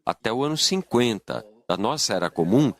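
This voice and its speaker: A man's voice: mid-range voice, lively intonation, fast, a crowd in the background. A man presenting in a lecture style, with an emphatic, argumentative delivery.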